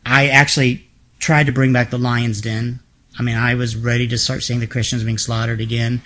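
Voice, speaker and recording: A man's voice: mid-range voice, little pitch movement, normal speed, pushed and bright. Feisty, wisecracking male podcast guest. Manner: feisty, humorous, frank. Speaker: interview guest. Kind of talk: casual storytelling conversation.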